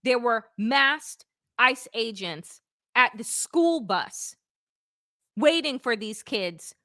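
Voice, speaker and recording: A middle-aged woman co-hosting a political podcast, talking fast and heated with blunt, fiery outrage and the odd curse. Her voice is bright and a touch high. The sound is dry and close, with no room around it. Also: animated, no room sound. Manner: blunt, fiery, swears for emphasis. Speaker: podcast co-host.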